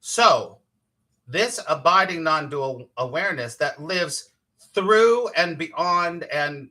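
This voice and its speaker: A man's voice: fairly high pitch, animated, slow, pushed and bright. A man, a spiritual teacher hosting a casual live-streamed morning talk, chatty and playful, laughing often and greeting viewers by name.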